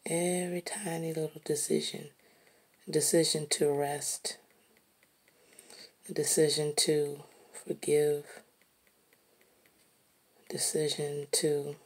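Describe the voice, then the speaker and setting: A woman musing aloud while she draws, slow and reflective, sometimes dropping to a soft whisper. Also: sits low, level tone, breathy edge. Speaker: artist narrating while drawing. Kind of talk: reflective casual monologue.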